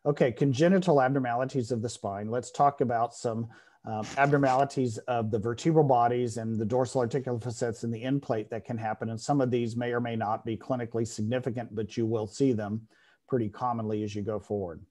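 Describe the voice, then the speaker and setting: Middle-aged male lecturer, mid-pitched voice, explains patiently, asks "okay?" often, restarts sentences now and then. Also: steady tone, fairly quick, darkish tone. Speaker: veterinary radiology lecturer. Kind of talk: classroom lecture.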